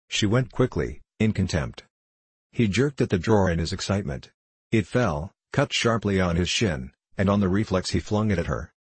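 A man narrates a novel in a measured, even storytelling voice. His pitch sits very low with a husky, breathy grain. The recording is close and dry with no room sound. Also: dry recording. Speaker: audiobook narrator. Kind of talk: scripted narration.

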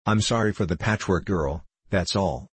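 A man doing a vain glass cat from a storybook, she-cat, haughty and scornful, talking down to everyone in a low, husky voice. Dry, close sound. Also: normal speed, no echo.

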